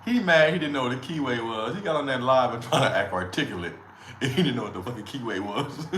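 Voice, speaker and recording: In an echoey room with faint ambience and a little hiss or hum, a man hosts a livestream in a medium-pitched, expressive, slightly bright voice. His commentary is brisk and loose, full of slang, trash talk and laughs.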